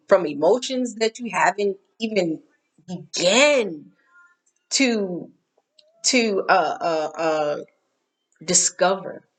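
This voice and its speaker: In a medium-pitched voice, a middle-aged woman leads a relaxed spiritual discussion. She is frank and forceful, often repeats points, and lets the occasional curse slip.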